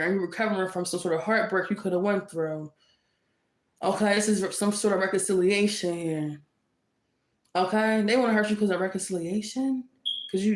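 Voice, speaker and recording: A woman giving a casual tarot reading, sassy and teasing, laughing often and repeating lines for emphasis. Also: mid-range voice. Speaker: tarot reader. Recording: roomy echo.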